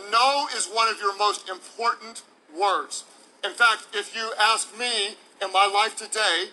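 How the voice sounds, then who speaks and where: A man's voice: very high voice, sharp tone, rough recording. A male pastor delivering a sermon in an emphatic, playful way, acting out examples for the congregation. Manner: emphatic, playful preacher who acts out examples.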